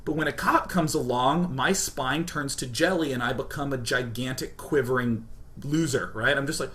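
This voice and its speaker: A young man from Kansas telling a comedic personal story in an animated, self-deprecating way, peppered with "like". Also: mid-range voice, moderate pace. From Kansas, United States.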